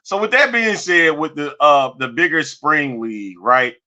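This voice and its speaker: A man co-hosting a casual sports talk show, loose and rambling with quick restarts. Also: fairly high pitch, lively intonation, sharp tone. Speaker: podcast co-host. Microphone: studio microphone.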